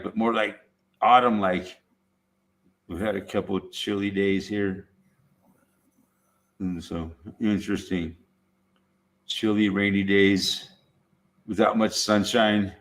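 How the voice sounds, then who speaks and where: A man's voice: lowish voice, steady tone, unhurried, long pauses, fairly bright tone. A man in a laid-back casual chat, swearing freely and dropping "man" at the ends of lines.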